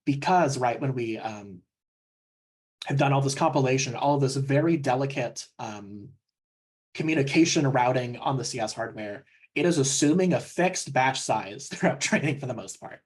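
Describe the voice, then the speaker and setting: A young man presenting a technical training session, explaining steps in a relaxed way with frequent ums. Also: medium pitch, normal speed, husky.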